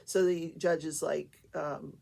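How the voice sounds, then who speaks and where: A woman's voice: deep voice, level tone, slow, vocal fry, darkish tone. An older woman hosting a talk show, chatting casually through a trial recap with many fillers.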